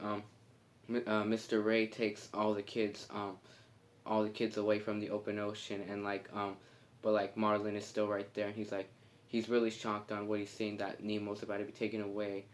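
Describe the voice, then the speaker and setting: Halting low-voiced man retelling a movie. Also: completely flat delivery. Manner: halting, full of fillers and restarts. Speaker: movie reviewer. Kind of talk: casual plot retelling.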